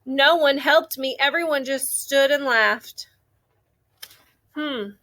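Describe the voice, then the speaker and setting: Bright, high-voiced woman teaching young children. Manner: slow, exaggerated stretching of sounds for young children. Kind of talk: classroom phonics lesson.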